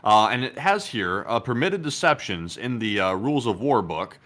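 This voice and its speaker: A man co-hosting a casual news talk show, measured and hesitant, often pausing on "uh". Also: lowish voice, expressive, a bit bright. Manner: hesitant, many "uh" fillers, measured. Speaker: co-host.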